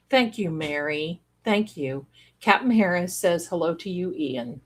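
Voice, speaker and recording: Slow-talking chatty woman hosting a livestream. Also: on the low side, lively intonation. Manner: chatty and rambling, breaks into singing and laughter. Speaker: livestream host. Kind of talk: casual live-stream chat with viewers.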